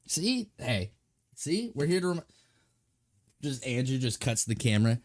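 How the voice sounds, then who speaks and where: A man's voice: fairly high pitch, very animated, normal speed. A man streaming and reacting to a video, talking in a goofy, stammering way and repeating words for laughs. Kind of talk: casual live-stream chat.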